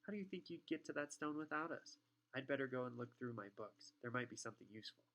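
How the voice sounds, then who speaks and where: A man reading an audiobook, voicing a clever, anxious young schoolgirl in a raised, quick voice. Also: expressive, a bit bright. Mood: brisk. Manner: high and quick, wailing when upset.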